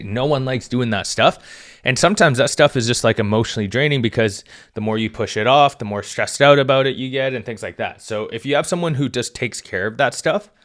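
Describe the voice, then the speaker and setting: A man with a fairly low voice explains business advice in a relaxed, conversational way. He speaks like a coach talking to entrepreneurs, filling pauses with "um" and tagging points with "right?". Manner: conversational, frequent "right?" and "um" fillers. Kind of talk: casual direct-to-camera advice talk.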